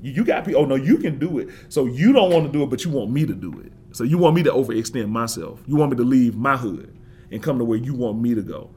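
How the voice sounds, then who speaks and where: A man's voice: medium pitch, expressive, fast, darkish tone. A man giving an interview, talking with passion and building points through emphatic repetition. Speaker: forester and interview guest.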